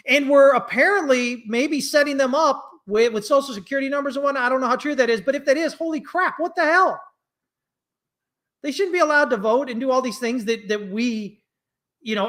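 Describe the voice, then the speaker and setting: A man's voice: very high voice, fairly bright tone. An American man giving casual trading commentary in a blunt, ranting way, loose and conversational, full of fillers and restarts. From United States. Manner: blunt, ranting, quick to anger.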